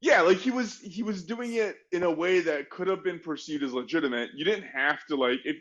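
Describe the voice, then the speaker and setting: A man's voice: fairly high pitch, brisk, fairly bright tone, highs cut off. Chatty man telling a history story. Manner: chatty, frequent "like" fillers, self-mocking asides. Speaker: podcast co-host. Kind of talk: casual conversational storytelling.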